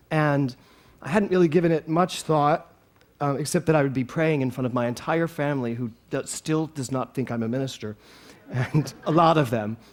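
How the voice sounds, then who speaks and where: A male minister giving a sermon as a humorous, chatty personal story. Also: medium pitch.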